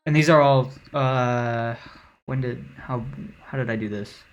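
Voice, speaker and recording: A woman's voice: rumbling low, unhurried, dull audio. Rambling, swearing woman streamer. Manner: loose, rambling and profane, full of "like" and "um". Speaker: streamer walking through her own song mix. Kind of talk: casual livestream chat.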